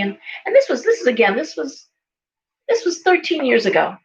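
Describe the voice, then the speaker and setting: A woman's voice: high-pitched, very animated, brisk, muffled recording. A woman in her forties talking casually, a chatty storyteller who acts out the voices she quotes. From California. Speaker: psychic shop owner and host. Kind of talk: casual talk to camera.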